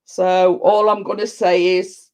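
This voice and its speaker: Her voice is fairly low and darkish, barely moving in pitch, and she takes things slowly. The middle-aged woman rambles through viewer comments in a casual live chat, laughing and saying things more than once.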